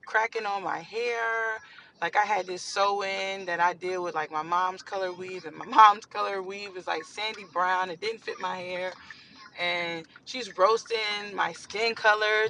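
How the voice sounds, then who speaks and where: A young adult storytime vlogger tells a casual story in a medium-pitched voice, acting out each person's lines with lots of energy and rising to near shouts. The recording is rough, with slight background noise.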